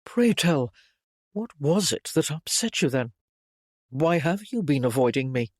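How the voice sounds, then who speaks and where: A reader voicing a reserved, lovestruck young nobleman who speaks quietly and courteously, sometimes faltering, in an audiobook. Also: mid-range voice, very animated, unhurried, no echo, clean studio sound. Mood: earnest. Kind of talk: audiobook character voice.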